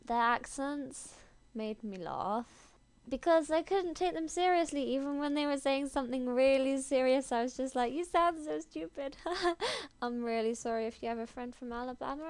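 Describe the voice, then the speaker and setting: A woman's voice: on the high side, a little mellow, clear, resonant tone. A woman with an English accent chatting casually in a rambling, giggly way, recorded on a built-in computer microphone. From England. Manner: rambling and chatty, full of "like" and "you know", giggly. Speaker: video blogger sending an audio message.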